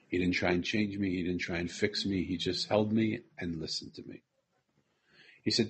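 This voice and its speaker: A man with a very low, gravelly voice tells a personal story in an earnest, heartfelt way. He circles back over his phrases and acts out the conversations he had. A faint hum of noise sits behind him. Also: steady tone, normal speed. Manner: earnest, repeats phrases, quotes people in conversation. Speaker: speaker telling a personal story.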